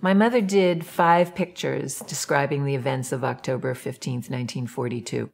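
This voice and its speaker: Woman interviewee, very low gravelly voice, quiet and reflective. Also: steady tone, normal speed, a little hiss or hum. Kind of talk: documentary interview.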